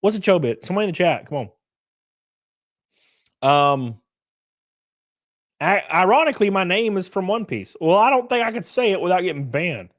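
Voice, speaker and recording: A young man hosting a casual livestream, ranting with heavy swearing. His voice sits high and leaps around in pitch, dropping to mumbled asides between loud bursts. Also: sing-song, moderate pace, pauses often. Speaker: streamer.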